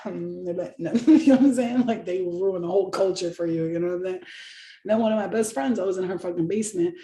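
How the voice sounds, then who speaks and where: A young woman tells profane, rambling stories, laughing often. Her voice is mellow and dark-toned. It rings in a roomy space with a noticeable echo. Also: on the low side, brisk. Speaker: vlogger. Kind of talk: casual storytelling.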